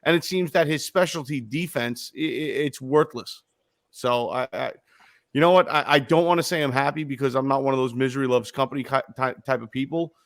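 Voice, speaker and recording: A man's voice: mid-range voice, brisk. A man co-hosting a casual sports podcast, blunt and profane, hammering his points with repeated phrases. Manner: blunt, profane, emphatic with frequent repetitions. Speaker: podcast co-host.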